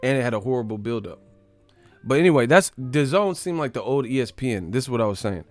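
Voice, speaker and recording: A man's voice: medium pitch, expressive, fast, dry recording, soft background music. A man hosting a live stream, casually reacting to chat with profane, mocking commentary.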